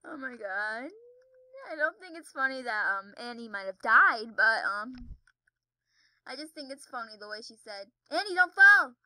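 Bright, lively young woman gamer. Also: a little high, normal speed, no echo, low-quality recording. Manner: chatty, giggly, yelps when falling. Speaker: gaming video creator. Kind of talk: casual gameplay commentary. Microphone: desk mic with audible keyboard.

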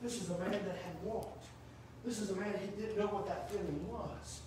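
A man preaching a sermon in a church, rising to shouts and dropping low. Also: steady tone, moderate pace, background noise. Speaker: pastor. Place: church sanctuary. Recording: echoey church room from far off.

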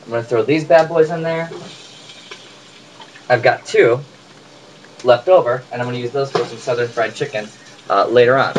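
A home cook vlogger shows off a recipe in his own kitchen, chatting and joking casually with viewers. His voice sits in the mid range, his pace is moderate with long pauses, and the distant mic picks up faint room noise.

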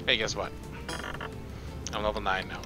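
A man's voice: fairly low pitch, little pitch movement, moderate pace, close to an everyday voice, low-quality recording. A man voicing a cocky, self-centered young male raccoon in a video game, reading the lines in a breezy, boastful way. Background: game music.

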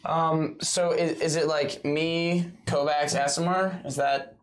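A man's voice: on the high side, fairly even intonation, takes it slowly. A man playing a tabletop game, talking casually and checking the rules with questions. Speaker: player.

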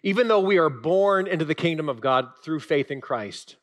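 A male pastor giving a sermon, telling stories with animated emphasis and sudden drops to a quiet voice. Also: a little high, moderate pace, few pauses.

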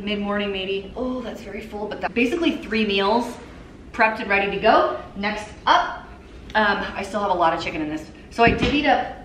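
Amid background noise, a medium-pitched woman in her thirties runs a casual cook-along from her home kitchen, where the room echoes. A cooking vlogger and mother, she keeps up cheerful chat with viewers as she cooks.

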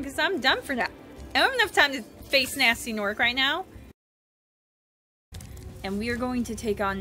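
Let's-play host, woman in her 20s, high and very bright voice, exasperated, repeats lines in rapid bursts. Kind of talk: gaming commentary.

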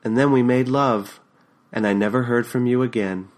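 Man doing a middle-aged woman, bitter, mocking, sharp-tongued, flares into shouting, audiobook, USB condenser mic. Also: mid-range voice, fairly even intonation, moderate pace, close to an everyday voice. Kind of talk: audiobook character reading.

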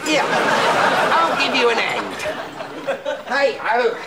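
A man's voice: very high voice, expressive, drawn-out words, a loud crowd, heavy background noise, exaggerated voice. An actor playing an interfering older father who fussily corrects everything, in a TV comedy sketch. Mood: nagging. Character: interfering older London dad, know-it-all nag. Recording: TV sketch with loud studio audience laughter.

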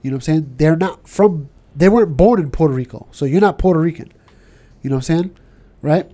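New york guy ranting on a podcast, kinda high mellow voice, keeps going you know what i'm saying. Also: brisk. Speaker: podcast co-host. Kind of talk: casual chat.

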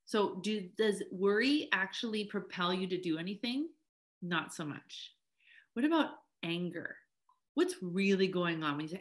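A middle-aged woman teaches a webinar group over a call, talking casually with plenty of fillers. Her voice is bright and forward, and she slips into short quoted lines as she explains. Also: mid-range voice, expressive, moderate pace. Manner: chatty, upbeat, many fillers and little acted quotes. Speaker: life coach leading a webinar.

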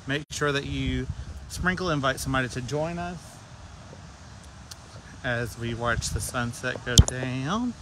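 A man's voice: mid-range voice, a little slow, long pauses. A man with a Southern US accent hosting a casual phone live stream on a beach, chatting and greeting viewers by name. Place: outdoors on a beach at sunset. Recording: loud wind and outdoor noise. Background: wind and outdoor noise.

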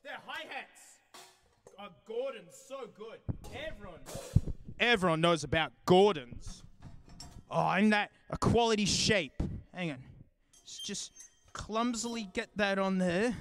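A man's voice: high-pitched, animated, a little slow, a bit bright. An Australian man hosting a live stream in a casual, joking and rambling way, laughing often and drifting away from the mic as he moves around. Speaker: livestream host.

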